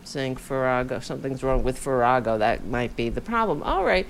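Tired, chatty woman with a low voice. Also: lively intonation, moderate pace, a little hiss or hum. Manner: rambling, chatty, candid. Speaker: podcast host. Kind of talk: casual livestream chat. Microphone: home studio microphone.

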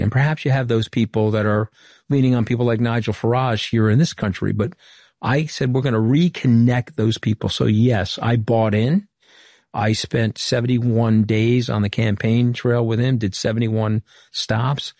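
A man's voice: mid-range voice, fairly even intonation, normal speed, darkish tone, no room sound, clean studio sound. A middle-aged man from Long Island, New York, giving an earnest, anecdotal account in an interview as a former communications director. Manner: earnest, anecdotal, retells conversations at length. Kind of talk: candid interview storytelling.

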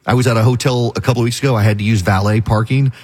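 A man hosting a talk radio show, delivering an opinionated monologue in a brisk, argumentative way and speaking straight to his listeners. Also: medium pitch, steady tone, a little mellow.

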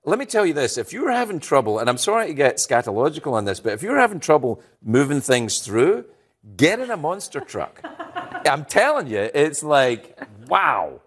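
A man's voice: fairly high pitch, moderate pace, husky. Brief: middle-aged Scottish man, a joking guest on a talk show, voice swinging up and down as he clowns around. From Scotland. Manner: animated, wisecracking storyteller.

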